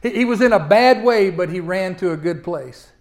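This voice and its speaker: Folksy preacher man, high voice. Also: animated, normal speed. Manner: folksy preaching with big swings from loud to hushed; repeats words when starting sentences. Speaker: pastor. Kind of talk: sermon.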